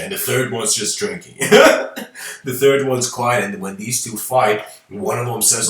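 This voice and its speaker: In a roomy recording from a distant mic, a man lectures by telling a story in a loose, rambling way, full of fillers and chuckles. His voice sits on the low side, a little slow, with a fairly bright tone.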